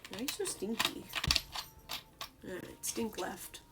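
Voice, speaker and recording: A woman streaming from home, chatting casually and cooing at her pet cat in a sing-song baby voice, now and then dropping to a soft whisper. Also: medium pitch, big pitch swings, unhurried, very noisy. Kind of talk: casual live-stream chat. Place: home room while streaming.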